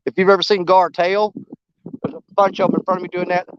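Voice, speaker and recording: Man, high voice, rambling fishing-stream host, dry muffled audio. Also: little pitch movement, fast, background noise. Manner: rambling, easygoing, greets viewers by name. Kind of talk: casual live-stream chat while fishing. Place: outdoors on a riverbank.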